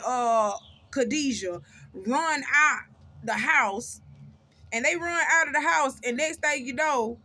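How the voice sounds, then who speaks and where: With a high-pitched, sharp voice, this woman hosts casual true-crime commentary on her channel. She's blunt and emphatic and keeps repeating her points to drive them home.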